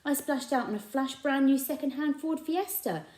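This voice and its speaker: A woman voicing a kindly, eccentric adult male shopkeeper with a gentle, earnest manner. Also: sits high, normal speed, voice pushed up, lightly acted. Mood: boastful. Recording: echoey room.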